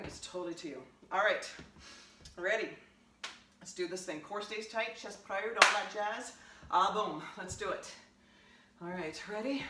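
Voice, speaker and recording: A woman leads a home workout with upbeat coaching cues and countdowns, sometimes out of breath. Her voice is mid-pitched and stands a few steps back from the mic. The room is echoey and there is a clear hiss of noise. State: out of breath at times. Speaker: fitness instructor. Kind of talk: workout instruction. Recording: roomy, distant, noisy home recording.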